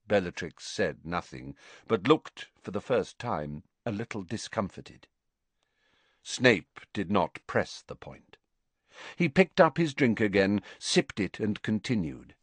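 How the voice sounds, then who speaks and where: Slow, low-voiced male audiobook narrator. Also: big pitch swings, no echo. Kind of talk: scripted narration.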